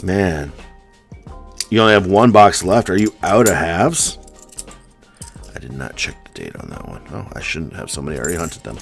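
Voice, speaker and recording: A man's voice: sits low, sing-song, moderate pace, creaky, pauses often, soft background music. A man from the US East Coast hosting a casual live stream, chatting and answering viewer comments one by one. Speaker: coin roll hunting live streamer.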